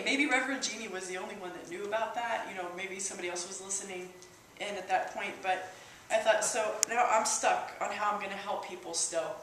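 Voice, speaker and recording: A woman tells her story before a church gathering, halting and emotional, often restarting her sentences. Her voice sits at a middling pitch and sounds distant from the microphone. The hall around her is very echoey, with a faint hiss underneath. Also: a bit bright. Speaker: church member sharing a personal testimony. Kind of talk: emotional personal testimony.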